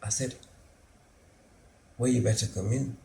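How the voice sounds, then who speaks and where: An actor playing a lonely, anxious middle-aged son who lives with his mother, telling his story slowly and drily in a theatre monologue. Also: medium pitch, fairly even intonation, creaky, warm tone. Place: theatre stage. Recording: roomy theatre sound, faint hum.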